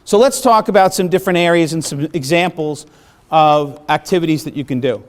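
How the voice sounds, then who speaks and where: A middle-aged man gives a workshop presentation in a fairly high voice. He talks conversationally to a room of listeners and keeps checking that they follow. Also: brisk. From the Bronx, New York. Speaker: presenter on parish planning.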